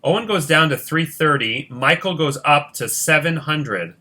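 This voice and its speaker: A man's voice: a little high, expressive, moderate pace, sharp tone. A man hosting a board game competition, counting squares aloud and checking his sums in casual play-by-play. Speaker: host running a Monopoly-style competition.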